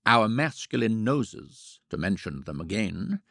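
A man narrating a classic novel in a measured, wry manner. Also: on the low side, very animated, creaky, fairly bright tone, husky, no echo, clean studio sound. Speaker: audiobook narrator. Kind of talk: scripted narration.

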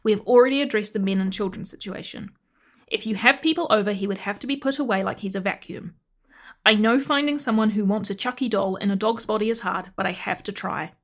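A woman's voice: medium pitch, fairly quick. A woman reading out a comic adoption listing in a dry, sardonic manner. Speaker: reader of a pet adoption listing.

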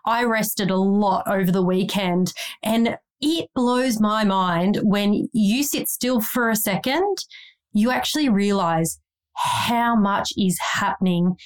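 Brief: woman podcast co-host, warm-hearted support, animated and playful delivery. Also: mid-range voice, slow, clean tone. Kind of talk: casual chat.

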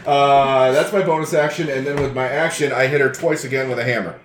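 A man's voice: mid-range voice, steady tone, fairly quick, noisy background. Jokey player man, roomy sound. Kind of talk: playing a tabletop game.

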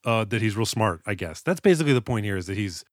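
A man's voice: on the low side, very animated, fast, dry recording, clean studio sound. A man co-hosting a movie podcast, chatting casually and sarcastically about a film's script, swearing freely. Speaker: podcast co-host. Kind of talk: casual movie-review chat.

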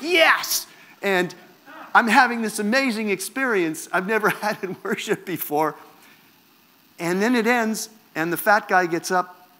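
A man from Canada, preaching a personal testimony in a wry, self-mocking storytelling manner. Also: high-pitched. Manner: animated, wry, self-mocking storyteller who acts out quotes.

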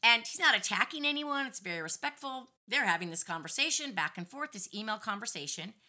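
Brief: middle-aged woman guest, very bright, forceful voice, animated and indignant storytelling. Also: a little high, a little fast. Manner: animated, indignant retelling with lively acted-out quotes. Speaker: podcast guest. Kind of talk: casual storytelling conversation.

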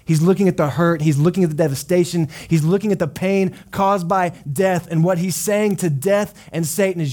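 Male pastor, sermon, fairly high voice, mellow tone, repetitive impassioned cadence, casual asides. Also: moderate pace, hardly any pauses.

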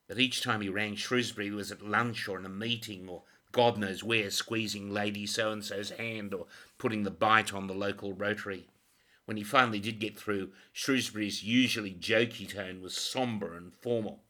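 A man reading a crime novel as scripted audiobook narration, measured and dramatic. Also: lowish voice, fairly even intonation, bright, forceful tone.

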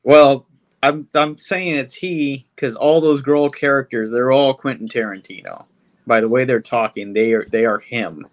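A man's voice: mid-range voice, moderate pace. A man co-hosting a podcast, chatting casually and bluntly about a movie, with frequent swearing and "um"s. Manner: blunt, swearing, hesitant with fillers. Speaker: podcast co-host. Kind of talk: casual film chat.

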